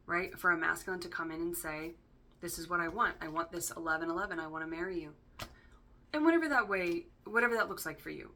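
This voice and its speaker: A woman's voice: on the low side, pushed and bright. A woman giving a casual spoken tarot reading in a chatty way, full of fillers and loose swearing, often checking in with "right?". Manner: chatty, filler-heavy, casually profane, keeps asking "right?". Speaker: tarot reader.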